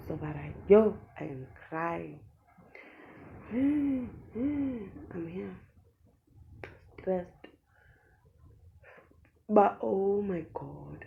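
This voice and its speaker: A young South African woman vlogger telling a dramatic story in a lively, animated way, in a dull lo-fi recording. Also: fairly low pitch, gravelly, a little hiss or hum. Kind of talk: storytime vlog.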